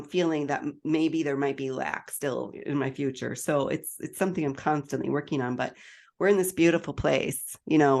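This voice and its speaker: A woman's voice: deep voice, darkish tone. A middle-aged woman hosting a podcast, talking reflectively in casual conversation with many fillers. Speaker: podcast host.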